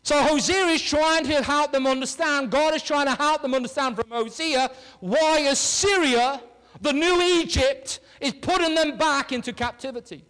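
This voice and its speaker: High-voiced man preaching in a reverberant hall. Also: moderate pace. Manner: animated preaching, swinging between loud and hushed. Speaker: pastor. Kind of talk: sermon. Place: church hall with a congregation.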